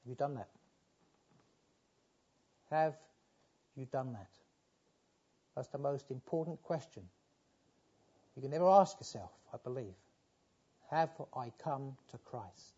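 Fervent preacher man, dark muffled tone. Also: takes it slowly, pauses often, slightly rough. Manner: pleading, rising to fervent appeals then dropping low. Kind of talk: sermon.

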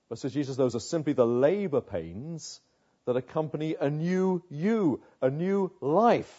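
Male preacher, higher voice, mellow and husky, emphatic sermon delivery, muffled lo-fi recording. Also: expressive, measured pace. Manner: emphatic, rhetorical questions, repeats words for effect.

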